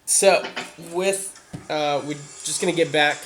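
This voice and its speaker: A man's voice: on the high side, fairly even intonation, a little slow, fairly bright tone, slight background noise. A man narrating as game master of a tabletop role-playing game, rambling with many fillers and restarts.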